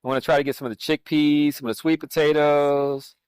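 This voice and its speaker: A man's voice: fairly high pitch, a little fast, smooth, no room sound. A man demonstrating a recipe as a chef, talking easily with many fillers and restarts. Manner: relaxed, hesitant with fillers and restarts. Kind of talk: cooking demonstration.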